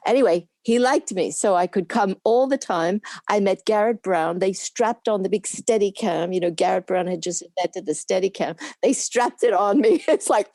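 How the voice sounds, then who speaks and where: An older woman, a former camera assistant, chatting as an interview guest and telling lively stories with frequent laughs. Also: medium pitch, moderate pace, few pauses, no room sound, studio quality. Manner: lively anecdotal storytelling with laughs; acts out quoted people in put-on voices. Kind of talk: casual interview reminiscing.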